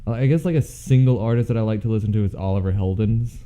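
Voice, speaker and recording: Man, low voice, very mellow dark tone, hesitant casual chat. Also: quick pace, clean tone. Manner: hesitant, many fillers. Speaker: podcast co-host.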